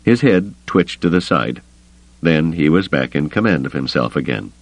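A man narrating a science fiction novel in an expressive, dramatic reading style. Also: a bass voice, normal speed, no room sound, dull audio. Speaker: audiobook narrator. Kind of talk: scripted narration.

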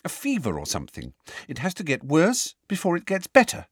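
A man reading an audiobook, voicing a clever, bossy teenage schoolgirl with a sharp, insistent manner. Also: fairly high pitch, huge pitch swings, a little fast, breathy edge, no echo, voice pushed up, heavily acted.

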